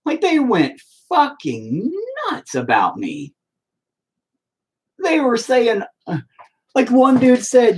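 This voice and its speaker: A man's voice: extremely high pitch, wildly swooping pitch, takes it slowly, long pauses, slightly rough. A man hosting his own online show, telling a story in a profane, sarcastic, rambling rant full of fillers.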